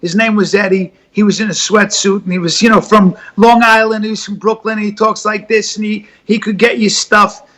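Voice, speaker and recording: A man guesting on a podcast over a video call, telling stories in an animated rush. His voice sits very high and bright, and he keeps restarting his sentences. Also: moderate pace, few pauses. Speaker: guest comedian. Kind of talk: casual podcast chat.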